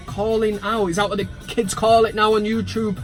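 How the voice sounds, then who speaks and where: A man's voice: high voice, level tone, normal speed, soft background music. A man chatting casually to camera about his football club from inside a van, full of jokey, sweary banter and mock outrage. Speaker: football fan vlogger.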